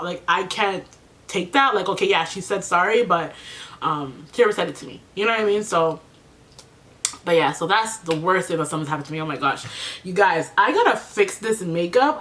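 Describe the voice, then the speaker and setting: A woman's voice: medium pitch, a bit bright. A young woman vlogging casually while doing her makeup, tearful and emotional, saying "like" and "you know" a lot. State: tearful after crying. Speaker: beauty vlogger. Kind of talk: casual get-ready-with-me chat.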